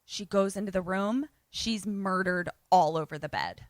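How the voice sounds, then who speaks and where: A woman's voice: medium pitch, normal speed, no echo. A woman co-hosting a podcast, casually retelling a film's plot and acting out the quotes, swearing now and then. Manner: animated storyteller, acts out quotes, swears casually. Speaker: podcast co-host.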